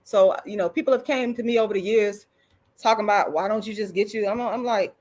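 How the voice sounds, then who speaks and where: A woman's voice: mid-range voice, a little fast, darkish tone. A middle-aged woman ranting on a live stream, blunt and profane, repeating herself when worked up. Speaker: online commentator. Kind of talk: livestream rant.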